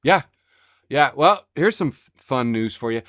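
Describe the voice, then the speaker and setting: A man co-hosting a casual podcast, sarcastic and animated, often breaking into laughter. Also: mid-range voice, measured pace, no echo, clean studio sound. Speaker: podcast co-host reading the news. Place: home studio on a video call.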